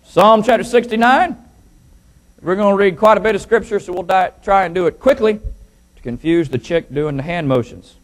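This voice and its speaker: A preacher with a notably high voice cracks quick jokes to his congregation, then reads scripture in a slow, raised, declaiming tone. He speaks from the pulpit of a church sanctuary. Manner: joking asides, then declaiming scripture slowly and loudly. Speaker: pastor. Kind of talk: sermon with jokes and scripture reading.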